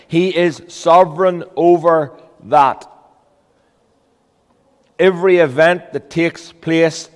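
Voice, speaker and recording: A man's voice: on the high side, big-room sound. A man preaching a sermon as a pastor, earnest and emphatic, with rhetorical questions.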